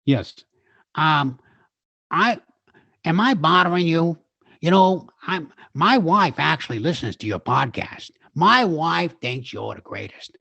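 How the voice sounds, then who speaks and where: A man's voice: fairly high pitch, sing-song, creaky, sharp tone, no echo, full character voice. A man doing a fumbling, apologetic old TV detective. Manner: halting, apologetic, hems and haws. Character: rumpled older male TV detective, apologetic, hesitant. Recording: slightly dull lo-fi sound.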